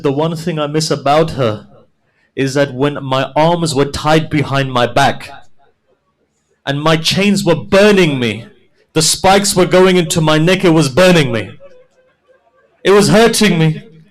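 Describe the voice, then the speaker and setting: A preacher delivers a mourning sermon, telling stories with quoted dialogue at a measured pace with frequent pauses. He builds from quiet storytelling to a high, loud, wailing climax, and the recording is rough.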